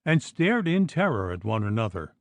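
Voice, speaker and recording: A man narrating an audiobook in expressive, unhurried storytelling. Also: medium pitch, no room sound. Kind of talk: scripted narration.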